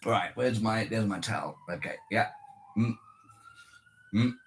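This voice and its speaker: A man chats casually with livestream viewers while pottering about, rambling, swearing and muttering to himself. His voice is fairly low and unhurried, with a little hiss or hum in the audio.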